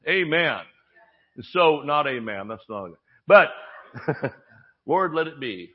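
Animated storytelling preacher man. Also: a little high, takes it slowly, husky. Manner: storytelling preacher, animated, acts out voices and jokes. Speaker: pastor. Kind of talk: sermon. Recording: dull lo-fi sermon audio.

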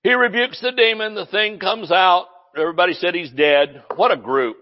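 A man preaching a sermon as pastor, fiery and loud, breaking into shouts and joking with the congregation. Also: high voice, moderate pace, muffled recording.

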